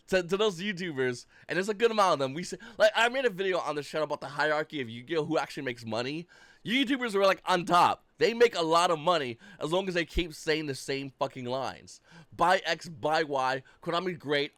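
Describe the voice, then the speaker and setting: A man's voice: a little high, a bit bright, no echo. A man giving casual ranting commentary as a YouTube card-game host, blunt and profane.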